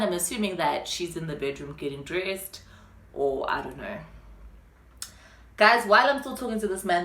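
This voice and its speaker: A young South African woman telling a story on her vlog, chatty and animated. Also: lowish voice, roomy sound. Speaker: vlogger.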